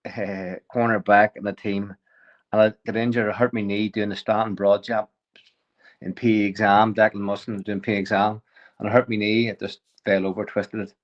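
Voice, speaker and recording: A man, a podcast guest telling a lively story, often chuckling and restarting sentences. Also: on the low side, fairly quick, lo-fi sound. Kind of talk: casual storytelling.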